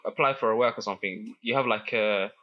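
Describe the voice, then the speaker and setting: A young man telling a school story in casual chat, animated, with lots of restarts and laughter. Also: lowish voice, a little fast, highs cut off. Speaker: guest.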